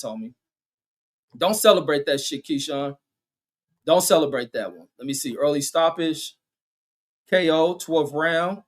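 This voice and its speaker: A man doing casual, crude play-by-play commentary on a boxing livestream. He reads chat comments aloud, stumbles over "says" and "uh" fillers, and yells when punches land. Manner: shouts and jumps high in pitch at big punches and knockdowns.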